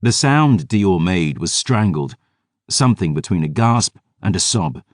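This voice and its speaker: A male audiobook narrator with a very deep voice reads fantasy in a measured, dramatic way. His pitch swings widely while his pace stays slow. The sound is dry and close. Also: very animated, no room sound.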